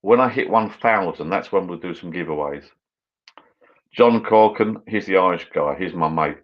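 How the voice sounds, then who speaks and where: Sipping a drink, a deep-voiced British channel host reads viewer comments aloud and chats loosely on a casual live stream. He talks at normal speed over dull-sounding audio.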